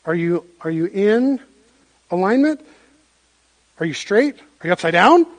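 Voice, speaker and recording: Pastor, male, higher voice, animated sermon delivery, repeats and restarts phrases. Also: measured pace. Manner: animated storytelling with frequent restarts.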